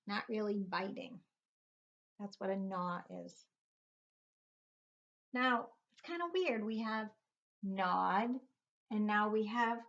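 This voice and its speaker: Slow, patient woman teaching phonics. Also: medium pitch, a bit bright. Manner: slow, patient, spells out letters one by one. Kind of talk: phonics lesson for young children. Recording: dull lo-fi recording.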